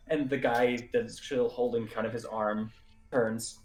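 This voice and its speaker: A man narrating a tabletop game as game master, halting and full of fillers. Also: mid-range voice, steady tone, a little mellow.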